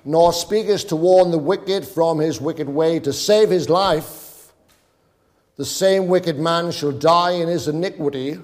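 A man's voice: a little high, measured pace, darkish tone. Man preaching in a reverberant hall. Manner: reads scripture in King James wording, exhorting and pleading. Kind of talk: sermon.

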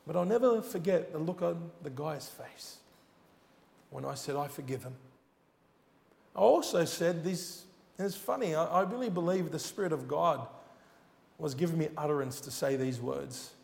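A man's voice: a little high, moderate pace, vocal fry, darkish tone. A man preaching a sermon, telling a personal testimony in an earnest, storytelling way with rising emphasis. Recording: long hall reverb.

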